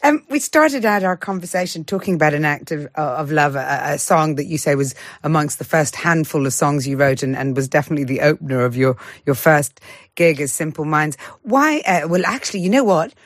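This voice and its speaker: Measured woman interviewer in a dry room. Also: low-pitched, no room sound. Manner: measured, probing, with long lead-in questions. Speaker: radio interviewer. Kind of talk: interview questions.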